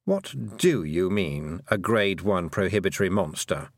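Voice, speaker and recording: A slow, sarcastic talking toad, as a male reader plays it, drawling each line with dry wit and lively pitch. The voice sits close to the mic in a dead, dry space. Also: dry recording, exaggerated voice. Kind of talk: audiobook character voice.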